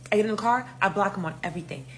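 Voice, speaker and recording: Animated young woman from New York. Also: mid-range voice, racing, a little hiss or hum. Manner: animated, swears freely, acts out voices. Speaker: storyteller. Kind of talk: casual storytime.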